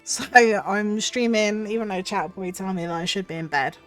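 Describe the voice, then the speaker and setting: A woman streamer with a cold chats casually and effusively to her viewers. Her voice is husky from the cold. Faint music plays in the background. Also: mid-range voice, brisk. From United Kingdom. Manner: chatty and effusive, thanks viewers warmly. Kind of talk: casual livestream chat.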